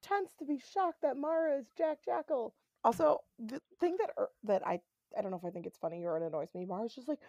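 A woman co-host in casual chat, animated and sarcastic, mockingly quoting characters. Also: mid-range voice, fast talker, no room sound, lo-fi sound. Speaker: podcast co-host.

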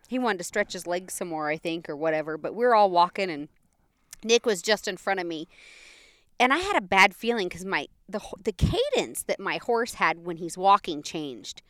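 A young woman, telling a story in a casual, animated way and laughing often. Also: mid-range voice, dry recording.

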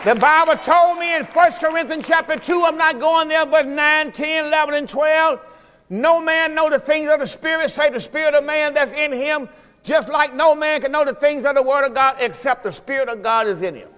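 High-voiced preacher shouting in a hall. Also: male voice, moderate pace, some chatter behind. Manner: calls on the congregation to respond; shouting with emphasis. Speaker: pastor. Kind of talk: sermon. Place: church sanctuary. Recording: echoey church hall with music.

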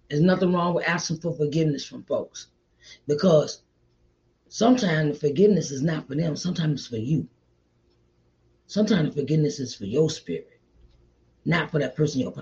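A middle-aged author gives viewers a motivational talk in a raised, fairly high, slightly mellow voice at normal speed. Earnest, repetitive, and preachy, he calls the listener child and honey. The recording is dull and lo-fi.

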